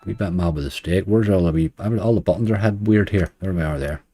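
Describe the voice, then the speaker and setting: A man's voice: low voice, a little fast, dark tone, slightly rough, dry recording, soft background music. A middle-aged man with a Northern Irish accent, streaming online slots and chatting casually while grumbling at the game. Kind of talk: casual live-stream commentary.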